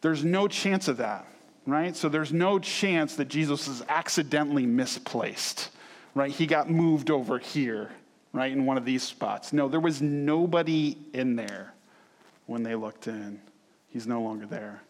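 A man preaching a sermon as a pastor, telling the story with animated asides and sudden loud acted-out outbursts. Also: medium pitch, measured pace, big-room sound.

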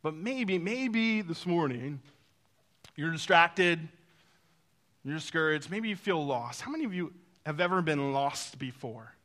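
A man preaching with a high, bright voice. He tells stories and talks straight to the congregation with asides. At times he drops to a near hush, and at times he pushes hard for emphasis. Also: lively intonation, a little slow. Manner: storytelling, swings between loud emphasis and hushed intimacy; speaks to the congregation directly, with asides. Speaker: pastor. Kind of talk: sermon.

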